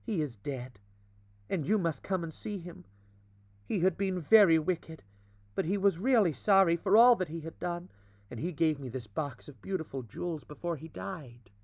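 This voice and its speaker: A man voicing a serious young girl who speaks quietly and gravely. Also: a little high, normal speed, no echo.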